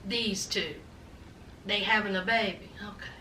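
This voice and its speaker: A woman recapping a reality show in a sassy, animated gossip style, calling her viewers honey and child. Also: medium pitch, a little slow, distant mic, a little hiss or hum. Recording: echoey room, away from mic.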